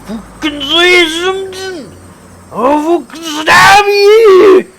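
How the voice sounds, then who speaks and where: A man voicing a gang of angry young male street thugs who curse and threaten, with steady traffic noise behind him. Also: high voice, very slow, gravelly, pitched above the performer's own voice, full character voice. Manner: snarling, cursing, threatening.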